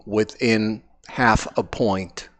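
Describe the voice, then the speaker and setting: A man judging a comedy duel on a podcast, speaking in a hesitant, deliberate deadpan. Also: fairly low pitch.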